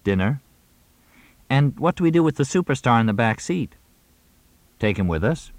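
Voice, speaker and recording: A man voicing a laconic young man with a deadpan, terse manner. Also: medium pitch, normal speed, dry recording, pitched above the performer's own voice, close to an everyday voice.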